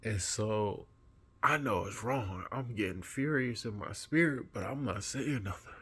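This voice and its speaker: A man who has just woken up, earnestly retelling a dream in a vlog with an animated manner. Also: fairly low pitch, unhurried, husky. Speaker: vlogger. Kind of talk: recounting a dream.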